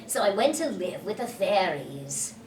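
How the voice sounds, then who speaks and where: A woman's voice: mid-range voice, sing-song, measured pace, a little mellow, slight background noise, pitched below the performer's own voice. A woman voicing a cocky, boastful boy who never grows up, in a roomy hall from a distance.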